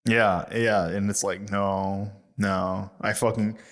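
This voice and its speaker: A man's voice: on the low side, level tone, slow pace, fairly bright tone. A man co-hosting a casual podcast, riffing on jokes with lots of laughter and swearing. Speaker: podcast co-host. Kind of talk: casual chat.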